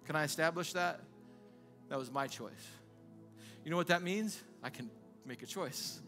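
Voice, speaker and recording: A man's voice: a little high, moderate pace, sharp tone, soft background music. A male pastor preaching a sermon in a conversational way, asking the congregation rhetorical questions again and again.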